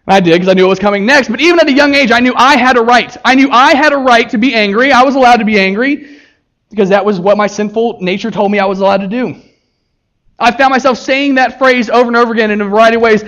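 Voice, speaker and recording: A man's voice: very high-pitched, fast talker, a bit bright. A man preaching a sermon, earnestly telling a childhood story and reading scripture aloud. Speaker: pastor.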